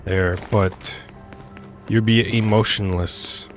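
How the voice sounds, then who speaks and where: A man's voice: on the low side, steady tone, slow, soft background music. A young man casually commentating while playing a game, rambling, joking and interrupting himself. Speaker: streamer.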